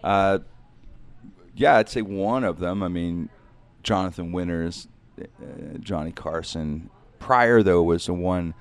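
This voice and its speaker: A man's voice: low voice, slow, clean tone. A man, a comedian, talking in a casual interview, rambling and reflective, often saying "man.".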